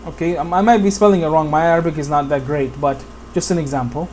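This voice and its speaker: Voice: medium pitch, steady tone, fast talker, darkish tone, a little hiss or hum. A teacher from Bangladesh giving a whiteboard lesson on Quran pronunciation, patiently repeating examples and often checking in with the listener. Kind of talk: whiteboard tutorial.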